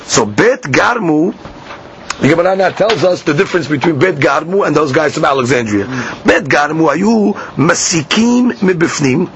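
A man teaching a Talmud class. He reads each line slowly and then explains it in plain English. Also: a little high, animated, a bit bright. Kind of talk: Talmud class, reading and translating. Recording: dull lo-fi class recording with faint hiss.

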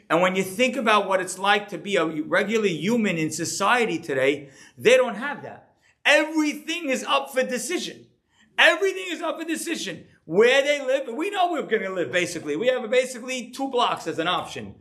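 A middle-aged rabbi giving a conversational, animated sermon. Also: male voice, fairly high pitch. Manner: animated, conversational preaching with rising emphasis.

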